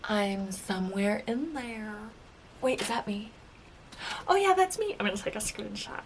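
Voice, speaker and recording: A woman recalling her time as a game show contestant in a casual reaction video, chatty and full of filler words, sometimes dropping to a soft whisper. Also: medium pitch, animated, measured pace, heavy background noise. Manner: chatty storytelling, lots of filler "like".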